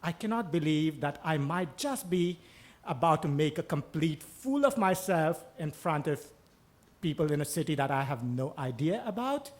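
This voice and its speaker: A man recounting a personal story on a live stage, his voice pitched a little higher than most men's. He talks with a wry, self-mocking edge and drops casual profanity. He speaks into a stage microphone. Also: animated, moderate pace. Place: stage before a live audience in a bookstore.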